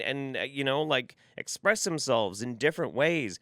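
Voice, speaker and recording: A man reacting to a clip, ranting with exasperation and plenty of swearing. His voice sits at an average pitch, and the sound is dry and close. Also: animated, moderate pace, fairly bright tone, no echo. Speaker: commentary YouTuber. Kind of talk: reaction commentary.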